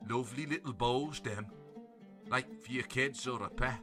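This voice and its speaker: A man's voice: mid-range voice, normal speed, a bit bright, faint music behind, close to an everyday voice. A man voicing a cheery, laddish archer with a Liverpool accent. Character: chatty Scouse archer, adult man.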